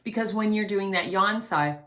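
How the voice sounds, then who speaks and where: A woman vocal coach teaching an online singing lesson, explaining calmly and demonstrating quiet breaths. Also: medium pitch, normal speed. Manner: gently instructive, demonstrates breaths.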